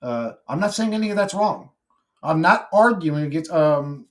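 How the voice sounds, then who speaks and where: A man talking to his viewers in a casual vlog monologue, brash and profane, rambling from thought to thought. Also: on the high side. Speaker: YouTuber.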